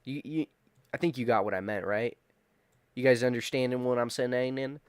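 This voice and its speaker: A man's voice: mid-range voice, fairly even intonation, moderate pace, clear, resonant tone, no room sound, clean studio sound. A man in his twenties streaming casual chat, rambling, swearing and repeating himself as he reacts to chat. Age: 20s.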